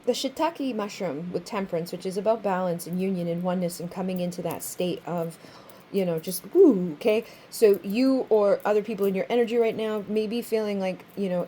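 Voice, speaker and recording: A woman's voice: mid-range voice, brisk, warm tone, a little hiss or hum. A woman giving a casual spoken tarot reading to viewers, chatty and swearing freely, often acting out little quoted voices. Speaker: tarot reader.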